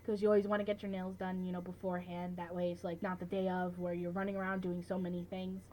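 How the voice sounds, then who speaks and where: Chatty teenage girl with flat delivery. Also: lowish voice, fast talker, a little hiss or hum, low-quality recording. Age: late teens. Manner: chatty, full of "like" and "you know". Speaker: vlogger. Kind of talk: casual vlog recap.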